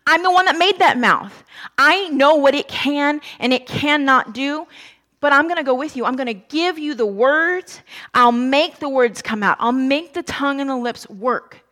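God as a patient, firm male deity, talking in a casual, plain-spoken way, as a woman preacher puts him on. The voice sits a little high and speaks as a sermon retelling. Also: moderate pace, pushed and bright. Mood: reassuring. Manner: casual, plain-spoken, reassuring then insistent. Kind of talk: sermon retelling with acted quotes.

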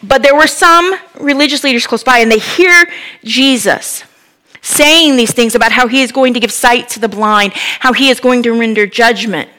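A woman preaches with a bright, fairly high voice. She retells the story in a lively, conversational way and breaks in with asides to the listener. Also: moderate pace. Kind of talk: sermon retelling a Bible story.

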